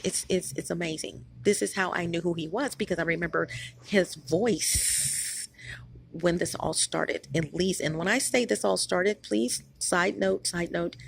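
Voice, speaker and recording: A woman's voice: lowish voice, gravelly, a little hiss or hum. A woman hosting her own channel, talking in a rambling, emphatic vlog monologue with many restarts, tired after being up all night. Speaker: channel host.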